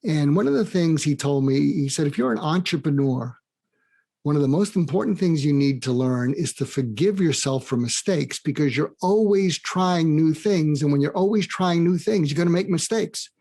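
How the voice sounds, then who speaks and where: An older man with a fairly high voice tells stories as a guest in an interview. He gets animated and acts out the people he quotes, his pitch climbing as he goes. He speaks in an easy, conversational way. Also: normal speed, creaky. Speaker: guest, psychiatrist and author.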